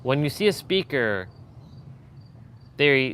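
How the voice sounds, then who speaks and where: Here a male streamer casually critiques a viewer's speaking, his medium-pitched voice expressive and slow, with frequent pauses. The tone is fairly bright, and there's a little hiss or hum. Loose and filler-heavy with many restarts, he pushes his pitch up and down to demonstrate.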